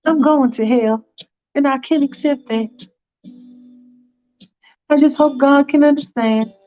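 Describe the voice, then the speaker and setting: A woman's voice: sits high, takes it slowly, dark tone, soft background music, voice pushed up. A woman voicing a remorseful woman on trial, confessing earnestly. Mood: resigned. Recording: dull lo-fi recording.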